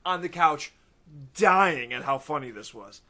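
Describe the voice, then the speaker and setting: A man co-hosting a casual podcast, telling a story excitedly through laughter. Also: a little high, unhurried. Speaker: podcast co-host.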